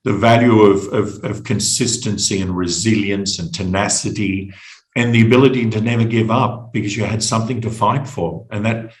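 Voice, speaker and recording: Reflective low-voiced Australian man. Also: fairly even intonation, reverberant, rough recording. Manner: reflective, halting, repeats words. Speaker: podcast guest. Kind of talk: personal storytelling.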